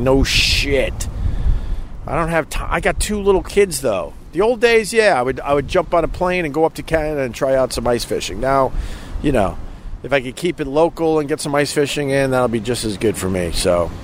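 A middle-aged man hosting a casual livestream outdoors on a beach at sunset, rambling and chuckling as he reads viewer comments. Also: mid-range voice. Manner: rambling, chuckling, loose and profane. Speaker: livestream host. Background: wind and faint outdoor noise.

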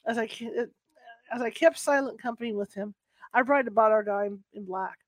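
Female reader, higher register, soft unhurried delivery, dry close recording. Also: no room sound. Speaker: book reader. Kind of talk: first-person novel reading.

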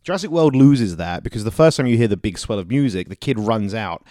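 A man, co-hosting a casual film review podcast, talking in an animated, sweary way. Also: fairly low pitch, brisk, no room sound, clean studio sound. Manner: animated and sweary, slips into exaggerated voices for people in the film. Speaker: podcast co-host.

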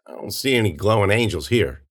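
A man voicing an impatient, skeptical male lawman who talks gruffly. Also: lowish voice, lively intonation, brisk.

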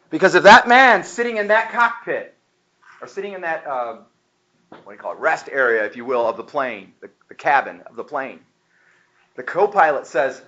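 A male pastor preaching a sermon, acting out stories and dialogue with lively emphasis. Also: fairly high pitch, normal speed, highs cut off. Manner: animated storytelling, acting out dialogue.

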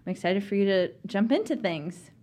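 A woman's voice: medium pitch, expressive, moderate pace, darkish tone. A woman hosting a casual interview, encouraging her guest and affirming often. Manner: encouraging, frequent short affirmations. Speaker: podcast host.

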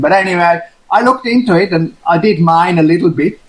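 A man from Australia with an Australian accent, answering interview questions in a relaxed, rambling way. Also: sits high, fairly quick, rough recording. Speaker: podcast guest, farmer.

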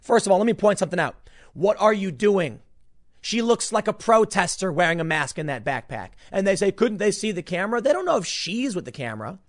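A man's voice: high voice, sing-song, a little fast. Exasperated man ranting on his commentary show. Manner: emphatic, exasperated, repeats words when heated.

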